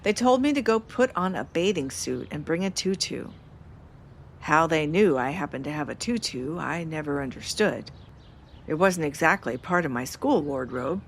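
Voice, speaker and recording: A woman's voice: deep voice, vocal fry, a little hiss or hum. A woman, the podcast host, reading her memoir aloud in the first person, with wry self-mocking humor.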